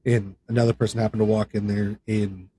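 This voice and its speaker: A gaming content creator appears on a podcast, telling a personal story a little fast in a low, mellow voice with little pitch movement and a faint hiss or hum. It's casual and rambling, with lots of fillers and restarts, and he goes sharply higher when voicing other people.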